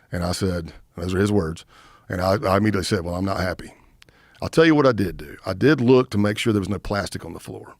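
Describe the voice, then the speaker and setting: A middle-aged man with a fairly low voice tells a war story in casual conversation. He acts out the quotes of the people he met as he goes. The sound is close and dry, with no room around it. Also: quick pace, no echo. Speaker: guest, retired FBI agent. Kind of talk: casual storytelling in podcast interview.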